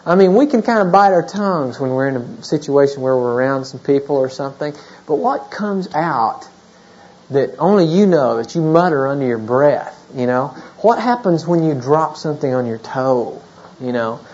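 A pastor in his thirties preaches a sermon in a mellow, warm, slightly high voice with lively intonation at a normal speed. His conversational style keeps returning to "you know?" asides. The muffled lo-fi audio sounds like an older tape of a church service.

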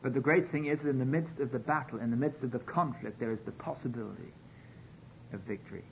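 A man's voice: mid-range voice, quick pace, gravelly, slight background noise. A man preaching a sermon, telling a story and acting out the quoted pleas, on a dull lo-fi radio broadcast.

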